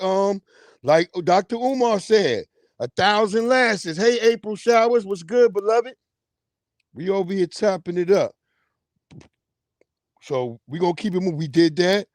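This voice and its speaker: A man hosting a livestream, giving heated, profane, mocking commentary with loud outbursts. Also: sits high, no room sound. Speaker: livestream host.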